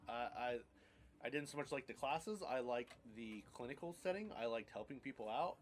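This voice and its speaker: A man in his thirties tells his own story in a loose, rambling way, blunt and quick to swear. His voice sits at an ordinary middle pitch. A faint hum of background noise runs under the talk. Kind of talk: casual storytelling chat.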